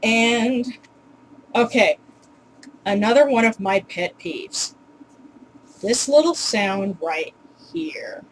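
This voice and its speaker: A woman's voice: on the high side, slow pace, pauses often, slight background noise, rough recording. A woman casually teaching pronunciation in a home video, chatty and full of ums, with wry, exasperated asides. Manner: chatty, with many ums and uhs.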